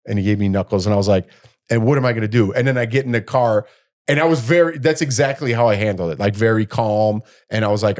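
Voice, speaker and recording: Animated middle-aged man telling a story. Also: fairly low pitch, quick pace. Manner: animated, acts out quotes in a raised voice. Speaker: podcast co-host. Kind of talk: casual storytelling chat.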